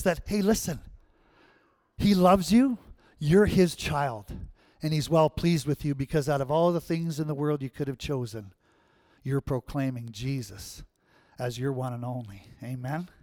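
High-voiced preacher man, dry sound. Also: darkish tone, dry recording. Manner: conversational preaching with frequent "right?" and "amen?" check-ins. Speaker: pastor. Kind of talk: sermon.

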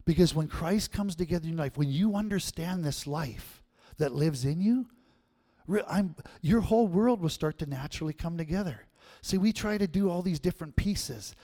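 Higher-voiced conversational male preacher. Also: normal speed, dark tone. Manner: conversational, repeats "right?" to the congregation. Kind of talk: sermon.

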